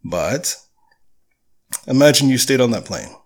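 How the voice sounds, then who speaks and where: Male podcast host, mid-pitched, candid and blunt, swears casually, solo monologue. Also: expressive, unhurried.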